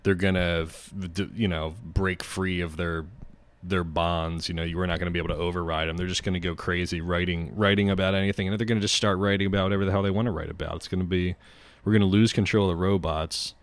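A man hosting a loose sports podcast in a very low voice. He rambles through long riffs and swears casually. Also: little pitch movement, fast. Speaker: podcast host.

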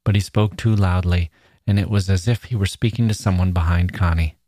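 A man hosting a podcast, reading a short story aloud in a measured, steady way. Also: low voice, no echo, clean studio sound. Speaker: podcast host.

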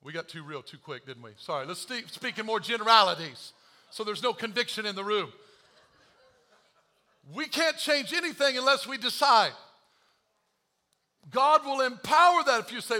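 Lively bright-voiced male preacher. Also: very high-pitched. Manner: animated, self-deprecating humor, swings from quiet confession to shouting; quotes scripture slowly. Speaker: pastor. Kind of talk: sermon.

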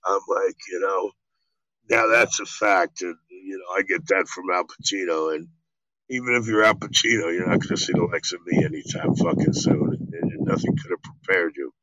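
A middle-aged man, a guest actor, telling animated, profane stories in an interview. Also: deep voice, normal speed, dry recording, muffled recording. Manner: animated, profane storytelling with acted quotes. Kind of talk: storytelling interview.

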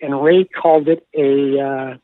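A man, a hockey broadcaster, telling stories in an animated way, laughing often and repeating himself as he goes. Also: mid-range voice, unhurried, no room sound. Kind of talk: animated storytelling. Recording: tinny phone-like line, dry.

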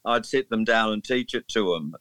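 A man's voice: on the low side, moderate pace, a bit bright, dry recording. A man in his sixties from England, a musician chatting in an interview as a rambling, amused storyteller. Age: 60s. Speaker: musician guest. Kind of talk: casual interview chat.

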